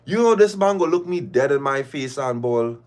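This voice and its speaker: A man's voice: mid-range voice, expressive, normal speed, darkish tone. A man, hosting a live show and reading listener stories aloud with laughing, mock-outraged asides.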